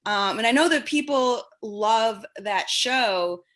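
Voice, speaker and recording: A young woman with a fairly high voice runs through a stand-up set, casual and sardonic. She tells her stories loosely and drops into quick acted quotes of the people she meets. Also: expressive, a bit bright. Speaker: stand-up comedian. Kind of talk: stand-up set on a comedy show.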